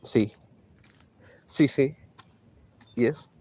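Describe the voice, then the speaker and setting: A man streaming from an outdoor hike, trash-talking his chat in a boastful, mocking way with loud teasing outbursts. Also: mid-range voice, drawn-out words, slightly rough. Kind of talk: casual trash talk to chat while hiking.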